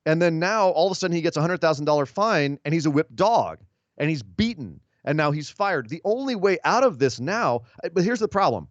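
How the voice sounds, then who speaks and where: A man's voice: fairly high pitch, sing-song, a little fast, dry recording, dull audio. A man hosting a casual podcast, recapping and picking apart wrestling storylines in long opinionated stretches. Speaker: podcast host.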